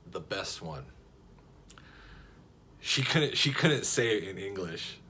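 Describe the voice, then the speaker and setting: Male vlogger, lowish voice, animated anecdote delivery, faint room hum. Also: slow pace, pauses often. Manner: animated, jokey, frequent restarts and quoted voices. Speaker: vlogger telling a story. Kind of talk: casual storytelling to camera.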